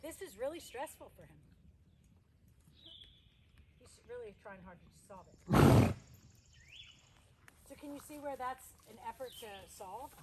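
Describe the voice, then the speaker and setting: Outdoors amid horse noises, a woman horse trainer with a fairly high voice tells a story chattily as she works a horse, now and then pausing to praise it. The recording is very noisy.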